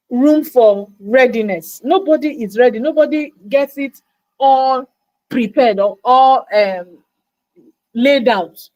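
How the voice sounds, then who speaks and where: Lady coaching on a livestream, high voice, keeps repeating stuff for emphasis. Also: darkish tone, rough recording. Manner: emphatic, repeats words, acts out quoted doubts. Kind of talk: motivational livestream talk. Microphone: livestream mic.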